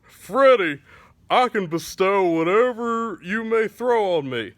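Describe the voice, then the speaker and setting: A man voicing a cocky male redneck gang leader who declares his words proudly and loudly. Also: high voice, lively intonation, slow, no echo, voice pushed up, exaggerated voice.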